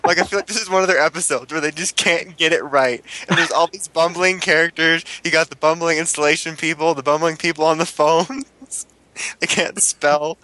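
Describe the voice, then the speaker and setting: A man's voice: a little high, steady tone, brisk, sharp tone, no echo. A man co-hosting a casual podcast, joking and telling stories with acted-out quotes. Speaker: podcast co-host. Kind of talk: casual chat.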